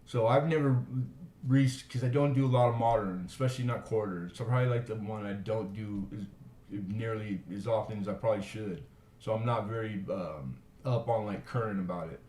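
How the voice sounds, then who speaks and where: A man's voice: lowish voice, brisk, darkish tone. A man hosting a live coin auction, chatting casually and rambling into stories between bids. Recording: echoey room.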